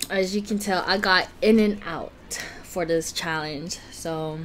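A woman hosting her own eating vlog, talking slowly and unhurriedly to her viewers. She is nervous and giggly and keeps tripping over her words. A faint hiss sits under her voice. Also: fairly low pitch. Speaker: mukbang vlogger. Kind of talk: casual chat to camera.

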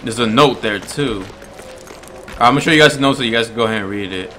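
A man giving casual let's-play commentary on a horror game, jumpy and swearing, shouting when chased and stumbling when he reads aloud. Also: medium pitch, quick pace, slight background noise. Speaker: gamer playing a horror game.

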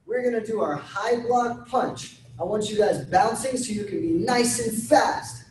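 A man who is a martial arts instructor leads an online taekwondo class, calling out commands, counting drills and giving sharp shouted yells. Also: very high voice, normal speed, far from the mic, slight background noise. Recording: roomy sound from away from the mic.

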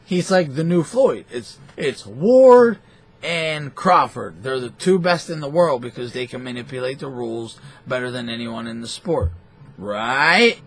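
A man's voice: mid-range voice, normal speed, husky. A man hosting a boxing talk show, ranting in a profane, rambling and scornful way. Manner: foul-mouthed, animated, scornful.

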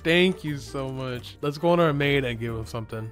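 A young man giving excitable commentary over his gameplay, laughing and yelping often. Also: medium pitch, brisk, soft background music. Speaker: gaming YouTuber.

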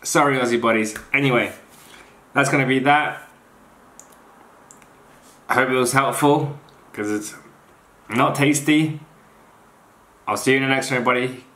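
Male fitness vlogger, bright forceful voice, frank snack reviewer, roomy echoey room. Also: medium pitch, moderate pace, long pauses. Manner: blunt, unimpressed taste-tester. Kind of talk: casual product review.

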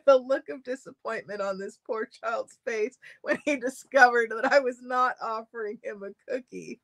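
A woman's voice: on the high side, fairly bright tone, no echo. A woman co-hosting a livestream in casual chat, laughing a lot and telling stories at an easy pace. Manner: unhurried storytelling, laughs a lot. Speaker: livestream co-host.

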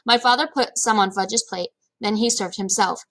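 A woman reading a children's chapter book aloud in a lively, expressive storytelling manner. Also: medium pitch, normal speed. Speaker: read-aloud narrator.

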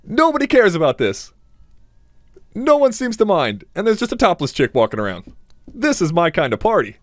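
A man's voice: high-pitched, wildly swooping pitch, moderate pace, no room sound, studio quality. Joking young male game commentator. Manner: joking, crude, laughing, talks to game characters. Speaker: gamer. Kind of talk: let's play commentary.

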